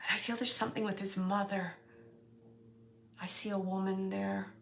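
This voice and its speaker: Bright-voiced woman giving a halting psychic reading. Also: mid-range voice, little pitch movement, gravelly. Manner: halting, searching, thinking aloud; laughs often. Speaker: psychic medium. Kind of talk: relaying a spirit reading.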